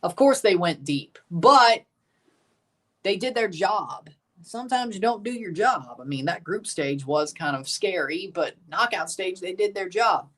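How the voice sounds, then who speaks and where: A male streamer hosting a match watchalong speaks in a high, expressive, slightly bright voice, a little slowly. Chatty and rambling, he answers his chat and laughs at himself while giving casual live reaction commentary.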